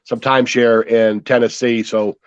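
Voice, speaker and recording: A man's voice: mid-range voice, flat delivery, moderate pace, smooth, no echo, muffled recording. A man with a Boston accent, telling stories in a casual chat. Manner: storytelling, chatty.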